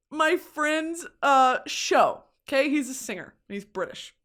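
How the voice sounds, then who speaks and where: A woman from Texas with a Texan accent, hosting a podcast and telling a comedic story in an animated, profane way, laughing often. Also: high voice, unhurried. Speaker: podcast host.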